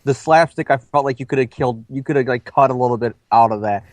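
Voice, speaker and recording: A man's voice: mid-range voice, fast, dry recording. A man co-hosting a casual film review chat, thinking aloud and talking at length with small restarts. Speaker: movie review co-host.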